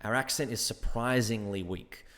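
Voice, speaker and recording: An Australian man, a working actor, chats as an interview guest. His voice sits fairly low, and he slips into acting out both sides of his stories. The room gives everything a long, ringing reverb. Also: moderate pace. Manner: animated storyteller, acts out exchanges. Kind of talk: casual interview chat.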